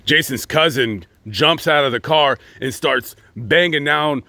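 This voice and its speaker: A man narrating a true crime story in a casual, dramatic vlog style, building excitement and acting out quotes. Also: a little high, measured pace, dry recording, clean studio sound. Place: outdoors on location.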